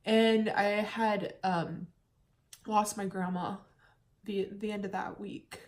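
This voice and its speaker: A woman's voice: medium pitch, steady tone, slow pace. A young woman from the United States telling her own story in a candid, chatty vlog, at times holding back tears. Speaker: vlogger.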